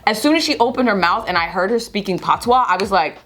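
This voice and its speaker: A woman's voice: mid-range voice, animated, fast, fairly bright tone. A woman from New York telling brash, profane stories as a podcast guest, laughing often. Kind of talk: casual podcast chat.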